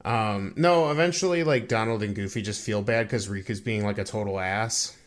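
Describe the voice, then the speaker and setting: Rambling young man with a low voice. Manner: rambling, halting with many fillers. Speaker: podcast co-host. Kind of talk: casual chat recapping a video game.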